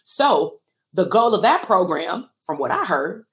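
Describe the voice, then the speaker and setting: A woman's voice: fairly low pitch, sing-song, unhurried. A woman, a therapist and business coach, talking candidly and emotionally to viewers on a livestream and asking them to comment. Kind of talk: casual livestream talk to viewers.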